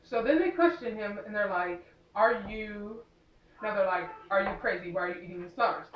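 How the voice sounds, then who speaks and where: A woman's voice: medium pitch, animated, quick pace, roomy sound, recorded from a distance, dull audio, a little hiss or hum. A young woman casually recapping a movie, rambling with lots of fillers and sarcastic asides. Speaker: movie reviewer.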